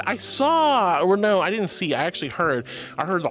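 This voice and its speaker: A man streaming as a VTuber from home on a headset mic, reading chat aloud and answering with affectionate, playful warmth. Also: high voice, sing-song, measured pace, long pauses, soft background music. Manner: affectionate and playful, calls viewers sweetheart.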